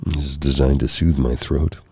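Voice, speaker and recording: A tired, hoarse man hosting a soft-spoken ASMR live stream, rambling gently and apologizing often. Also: extremely low pitch, fairly even intonation, moderate pace, no room sound. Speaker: ASMR host. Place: candlelit room at home. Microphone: close mic for ear-to-ear speaking.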